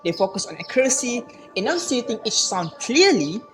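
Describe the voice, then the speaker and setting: A young woman with a Malaysian English accent, reading her part of a scripted classroom dialogue in a plain, steady way. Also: fairly high pitch, brisk. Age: young adult. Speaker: student co-presenter. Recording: faint background music.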